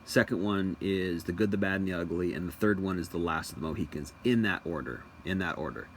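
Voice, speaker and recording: A man's voice: sits low, a little fast, slight background noise. A young man giving a casual, opinionated monologue as a commentator. He rambles, restarts often and repeats phrases for emphasis.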